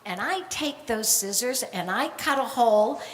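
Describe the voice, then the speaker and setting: A woman's voice: on the high side, moderate pace, a little hiss or hum. Older woman telling a story in an echoing hall. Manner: animated, acts out the voices of people in her story. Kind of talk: live stage storytelling. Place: stage at a live storytelling night in a hall. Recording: echoey hall with long reverb, faint ambience.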